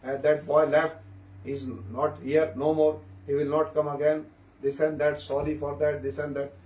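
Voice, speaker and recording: A man's voice: fairly high pitch, level tone, moderate pace, a little mellow. A man giving an informal spiritual talk to devotees, telling stories and often turning to his listeners with questions. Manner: repetitive, questioning listeners, storytelling. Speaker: speaker at a devotee gathering. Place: room at a devotee gathering. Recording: echoey room, mic at a distance.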